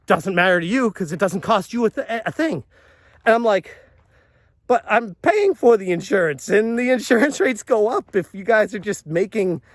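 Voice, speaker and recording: A man's voice: high-pitched, no echo. A man telling a story as a vlogger, exasperated and rambling, often restarting his sentences. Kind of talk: storytelling commentary.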